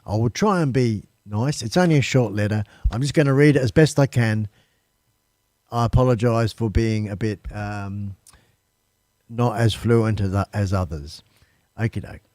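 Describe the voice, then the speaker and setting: A man's voice: on the low side, moderate pace, darkish tone, no room sound, clean studio sound. Chatty Australian man hosting a live stream. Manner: rambling, chatty, addresses viewers as folks. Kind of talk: casual live-stream chat. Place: temporary home studio.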